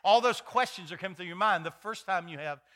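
A middle-aged male pastor with a high voice talks fast as he preaches a folksy, story-filled sermon. He animatedly acts out the voices of the people in his stories, with many fillers and restarts.

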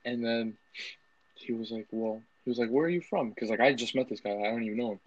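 A man's voice: lowish voice, little pitch movement, fast, dry recording. Rambling young man, lo-fi. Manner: rambling, filler-heavy storyteller. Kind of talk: casual chat. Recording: dull lo-fi sound.

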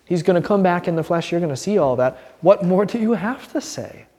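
A man with a slightly high voice teaches an informal Bible class, earnest and animated. He breaks into little acted-out quotes and restarts his sentences as he goes. The sound rings with a long hall reverb. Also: a little fast.

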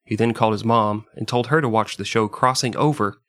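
A man's voice: on the low side, fairly quick, fairly bright tone, no room sound. A man hosting a casual podcast, reading historical passages aloud and laughing often between them. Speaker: podcast host.

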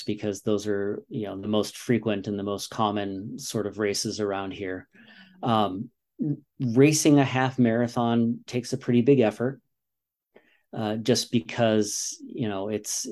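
Speaking earnestly and often dropping "you know," this man in his forties, an American dad and runner, gives a casual interview. His medium-pitched voice has a darkish tone.

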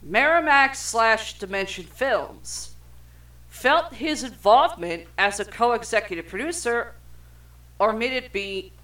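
Young adult co-host, slow and bright, reads trivia with cursing and stumbles. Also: mid-range voice, expressive. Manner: profane, stumbles over words while reading. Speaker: podcast co-host reading trivia. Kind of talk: casual chat reading film trivia aloud.

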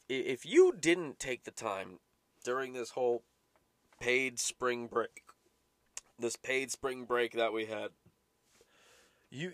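A man's voice: fairly low pitch, a bit bright, no room sound. A young man ranting casually and profanely as a podcast host, exasperated and swearing often. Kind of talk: casual rambling rant.

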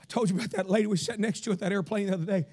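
Southern preacher guy from kentucky, super high husky voice, hollers in sing-song then drops way down to tell stories. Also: rapid-fire. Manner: swings between shouted sing-song preaching and low storytelling. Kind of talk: revival sermon.

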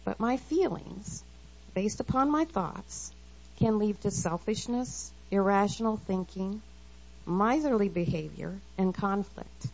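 A middle-aged woman with a medium-pitched, gravelly, somewhat dark voice speaks slowly and expressively, giving an earnest, confessional devotional talk to women and quoting scripture. She's a women's Bible study speaker reading the talk aloud, captured on a slightly dull lo-fi recording.

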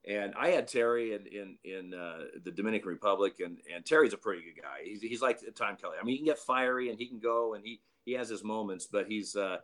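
Lower-voiced older man telling stories. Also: fast, hardly any pauses, fairly bright tone. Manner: rambling with frequent restarts and chuckles. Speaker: retired baseball umpire, podcast guest. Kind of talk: anecdotal storytelling.

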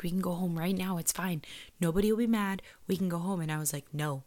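A woman's voice: lowish voice, fairly quick, a little mellow. A woman in casual chat, telling a personal story candidly with plenty of swearing and slipping into whispers for quoted lines.

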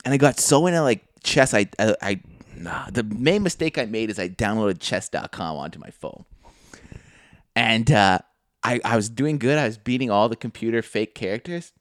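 A man's voice: on the low side, normal speed, dry recording, clean studio sound. A young man co-hosting a podcast, chatting casually, swearing freely and acting out quotes with laughter. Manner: loose, laughing storyteller, swearing, acts out quotes. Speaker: podcast co-host. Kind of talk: casual chat.

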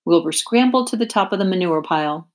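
A woman teacher reading a children's chapter book aloud with clear, expressive narration. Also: lowish voice, fast talker. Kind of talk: storybook read-aloud.

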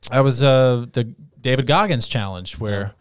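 A man's voice: mid-range voice, normal speed, clear, resonant tone, dry recording. A man in his thirties chatting casually, telling stories and acting out quoted lines with energy. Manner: animated storyteller, acts out quoted lines. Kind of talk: casual chat.

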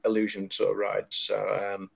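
A man's voice: lowish voice, moderate pace, vocal fry. A man from England, a podcast co-host chatting casually and telling anecdotes with frequent laughter. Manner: chatty storyteller, laughs often, lively when telling anecdotes. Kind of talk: casual chat.

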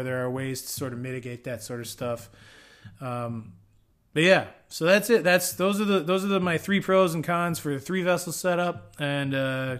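A man talks through homebrewing gear in a loose, rambling monologue, full of swearing and fillers. His voice sits a little above typical male pitch. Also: fairly bright tone. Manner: rambling, profane, frequent fillers. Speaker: homebrewing show host. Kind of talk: casual explainer monologue.

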